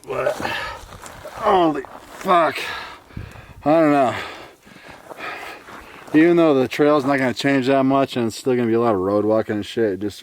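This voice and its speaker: A man's voice: mid-range voice, a little mellow, no room sound. Laid-back, profane man vlogging on a trail. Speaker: thru-hiker vlogger. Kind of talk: casual vlog to camera. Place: outdoors on a trail, later a hotel room.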